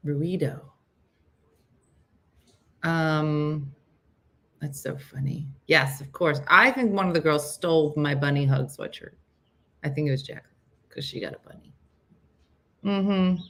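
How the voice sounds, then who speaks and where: A woman's voice: low voice, takes it slowly, pauses often, a bit bright. A middle-aged woman chatting casually on a morning live stream, rambling and answering viewers' comments.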